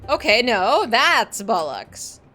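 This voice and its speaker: Playful young woman streamer reading story text, higher voice, animated delivery, faint music under. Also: slow pace. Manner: playful, teasing. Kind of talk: reading game story aloud and chatting.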